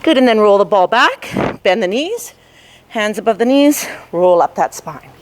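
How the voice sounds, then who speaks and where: A woman's voice: mid-range voice, animated, normal speed. A woman fitness instructor guiding a ball workout, cueing form and counting reps while she exercises along, a little out of breath.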